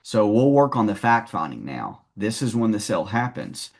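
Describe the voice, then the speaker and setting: A man's voice: on the low side, big pitch swings, moderate pace, gravelly. A man coaching a salesperson one-on-one, talking in a confident, direct way.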